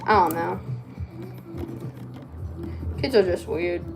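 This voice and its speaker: A woman's voice: fairly low pitch, takes it slowly, gravelly, faint music behind. A woman vlogger chatting casually while she crafts, rambling and cutting herself off. She has a speech impediment and struggles to say her R's. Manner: rambling, chatty, self-interrupting.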